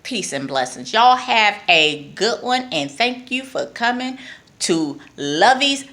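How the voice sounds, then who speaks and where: A woman's voice: mid-range voice, big pitch swings, slow pace, pushed and bright. A woman from New York with a New York accent, giving a blunt, emphatic political rant to her viewers and repeating lines for emphasis. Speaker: vlogger.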